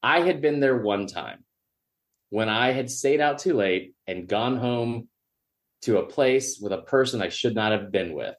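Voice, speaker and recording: A man's voice: medium pitch, animated, a little slow. Rambling man telling a wild story. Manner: rambling, self-mocking, profane. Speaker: podcast guest. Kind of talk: storytelling in casual chat.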